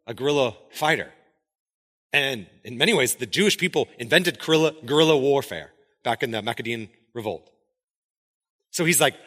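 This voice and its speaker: Bright-voiced man preaching a sermon. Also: a little high, normal speed, long pauses, in a large hall. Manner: animated, acts out quoted dialogue. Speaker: pastor. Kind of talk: scripture reading then sermon.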